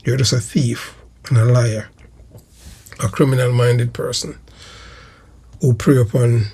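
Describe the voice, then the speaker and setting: A Jamaican man hosts a commentary channel and denounces his target in a slow, repetitive, emphatic monologue. His voice is gravelly and husky, with a rough fry running through it, and it sits at an ordinary male pitch. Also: fairly even intonation, dark tone. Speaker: channel host.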